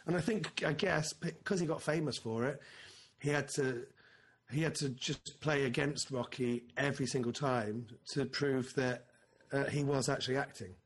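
A man's voice: medium pitch, fairly even intonation, moderate pace, breathy edge. A man co-hosting a podcast in casual film chat, rambling and interrupting himself, now and then swearing. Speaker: podcast co-host.

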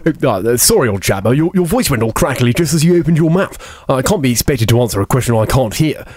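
A man's voice: mid-range voice, lively intonation, fast, darkish tone, husky, no echo. A man doing a stammering politician. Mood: blustering. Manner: stammering, flustered, evasive. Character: bumbling posh male prime minister, evasive.

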